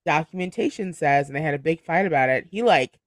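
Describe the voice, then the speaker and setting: Man, higher voice, dry close sound, casual book podcast chat, laughs a lot, says "like" often. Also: expressive, fast talker, no room sound. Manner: chatty, laughs often, fills with "like". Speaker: book club podcast host.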